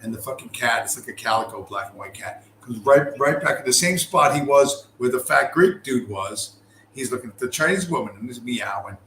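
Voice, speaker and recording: A middle-aged American podcast host tells a long, rambling, profane story in casual conversation, his mid-range voice animated, fairly bright, and a little fast. He's full of fillers and restarts. The recording sounds roomy, with faint noise in the background.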